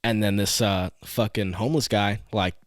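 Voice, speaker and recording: A man's voice: lowish voice, steady tone, moderate pace, dry recording, clean studio sound. A young man co-hosting a podcast, telling a story in a rambling casual way full of "like" and swearing. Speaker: podcast co-host.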